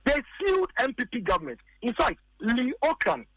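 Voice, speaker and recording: A high-pitched Ghanaian man talking politics on a radio show, argumentative and insistent, circling back to repeat his points. The sound is dry and close, with no room around it. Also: wildly swooping pitch, normal speed, fairly bright tone, no echo, poor audio. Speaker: political commentator.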